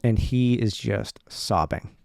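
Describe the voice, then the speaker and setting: A man's voice: lowish voice, takes it slowly, creaky, darkish tone, no echo. A man hosting his own show, telling a personal story in a candid, loose way with lots of filler words. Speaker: podcast host. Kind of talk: casual storytelling monologue.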